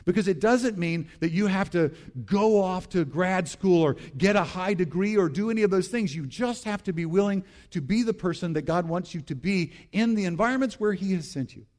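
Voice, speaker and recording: Male pastor, slightly high voice, animated sermon delivery. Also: normal speed, hardly any pauses. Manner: animated, repeats key phrases, asks the congregation to respond.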